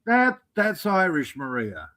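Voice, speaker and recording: A man's voice: sits high, wildly swooping pitch, slow, bright, forceful tone. A man co-hosting a casual live-stream chat, teasing and joking with wry asides.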